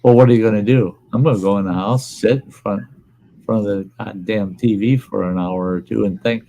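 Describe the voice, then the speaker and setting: An older man, his low voice full of gravel and fry. He hosts a relaxed chat and says what he thinks with blunt, profane plainness. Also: brisk, rough recording. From Upper Midwest US. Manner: blunt, plainspoken, swears freely. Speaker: livestream host. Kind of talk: casual chat.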